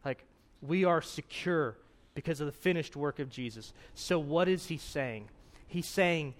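A man's voice: a little high, a little slow. A man preaching a sermon in an earnest, conversational way, often checking in with "right?" and reading scripture aloud with rising emphasis.

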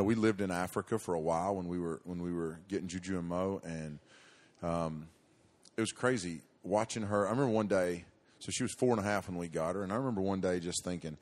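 A man's voice: sits low, darkish tone. A middle-aged man preaching to young people, telling a story in a folksy, rambling way with many restarts and fillers.

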